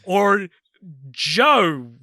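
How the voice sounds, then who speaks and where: A man voicing a whiny boy with a squeaky, indignant voice while retelling a movie scene. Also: big pitch swings, very slow, pushed and bright, exaggerated voice.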